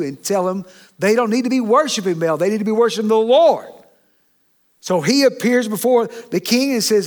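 High-voiced preacher, animated. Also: male voice, moderate pace. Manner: animated, chatty, keeps asking the congregation "okay?". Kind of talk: sermon.

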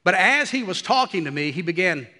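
A man preaching a sermon, animated and dropping to a hush for the quiet passages. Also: sits high, brisk, big-room sound.

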